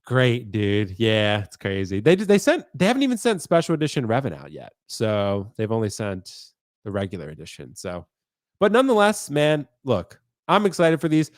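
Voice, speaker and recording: A man hosting a casual collectors' chat, excited and chatty, sounding congested from a cold. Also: medium pitch, dry recording, clean studio sound. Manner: excited, chatty, says dude a lot. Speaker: host.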